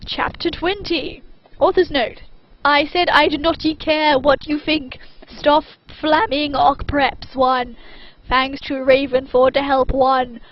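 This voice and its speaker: A woman reads fan fiction aloud in a deadpan, mock-serious way. Her voice is high. The recording is muffled and lo-fi. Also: takes it slowly, a little hiss or hum. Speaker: reader. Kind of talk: dramatic reading of fan fiction.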